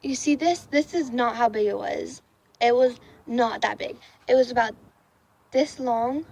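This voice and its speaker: A woman's voice: on the high side, unhurried, creaky, darkish tone, low-quality recording. A young woman telling a casual storytime on her vlog, rambling with lots of ums, likes and restarts. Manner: rambling, many fillers and restarts. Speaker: vlogger. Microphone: camera facing speaker.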